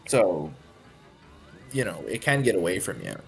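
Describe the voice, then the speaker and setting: A man commentating a speedrun live in a relaxed, chatty way. He picks apart the play, often trailing off mid-thought, and his voice rises and falls freely. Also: deep voice, unhurried, gravelly, slightly rough, soft background music.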